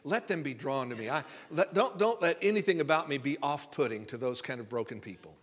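A man's voice: mid-range voice, animated, a little fast, a bit bright. A male pastor giving a conversational sermon, folksy and rambling, often repeating words as he builds emphasis. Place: church sanctuary. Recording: reverberant hall sound.

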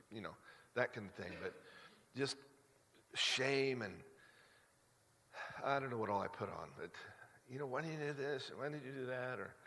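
A man's voice: lowish voice, a bit bright. A middle-aged man, a pastor, preaching a sermon in a conversational, confessional way with frequent restarts, rising to emphatic peaks. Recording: long hall reverb.

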